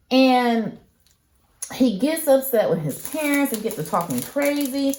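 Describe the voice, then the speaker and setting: A woman's voice: sits high, sing-song, measured pace, darkish tone, a little hiss or hum. A young woman hosting a crafting channel, chatting casually and emphatically with lots of slang while she works.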